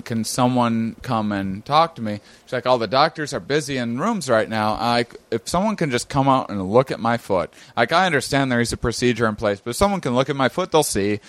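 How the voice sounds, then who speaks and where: A male comedian telling a rambling, animated story in casual chat, acting out the other people in it and laughing often. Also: mid-range voice, no echo. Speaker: comedian guest.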